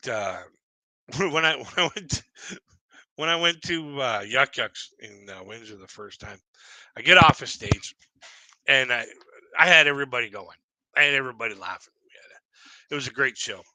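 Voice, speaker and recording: A man's voice: medium pitch, lively intonation, normal speed, long pauses, sharp tone, dry recording, rough recording. A man hosting a livestream, telling stories in a rambling, casual way with many restarts and chuckles. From Canada. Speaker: livestream host. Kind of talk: casual storytelling chat.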